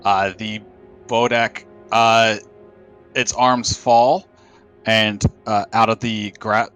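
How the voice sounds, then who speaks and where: A man narrating as dungeon master in a tabletop game, halting and full of fillers. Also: on the low side, little pitch movement, fairly bright tone, smooth, faint music behind.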